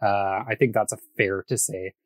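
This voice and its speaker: A man hosting a casual podcast, chatty and quick to laugh, often restarting his sentences. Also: lowish voice, fairly even intonation, dry recording. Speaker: podcast host.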